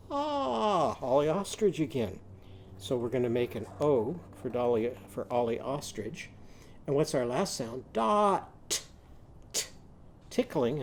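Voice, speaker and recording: A man's voice: medium pitch, dark tone, a little hiss or hum. Patient man teaching children phonics. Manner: slow, patient step-by-step instructions, sounding out words. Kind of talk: children's drawing and phonics lesson.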